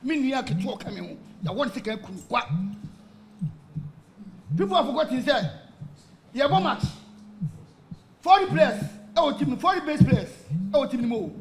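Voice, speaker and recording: A man's voice: very high voice, normal speed, pauses often, a little hiss or hum. A man with a Ghanaian accent, a football supporter talking with passion on radio and switching between Twi and English. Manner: mixes Twi and English, animated and emphatic. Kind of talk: impassioned radio talk.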